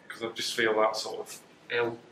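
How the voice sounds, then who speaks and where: A man giving deadpan, complaining travel commentary, sounding weary and self-deprecating. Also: mid-range voice, slight background noise, rough recording. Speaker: travel show subject.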